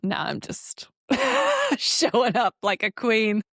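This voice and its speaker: A woman's voice: on the high side, takes it slowly, breathy edge, no echo, clean studio sound. A woman in her forties, a podcast co-host, telling a personal story in casual chat, laughing often and acting out the voices in it. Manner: animated storytelling, laughs often, acts out quoted dialogue.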